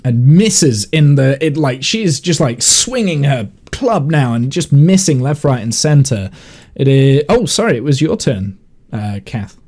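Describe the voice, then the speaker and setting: Slow, easygoing man running a game. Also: medium pitch. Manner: relaxed, hesitant, many fillers. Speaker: game master. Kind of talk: narrating a tabletop game.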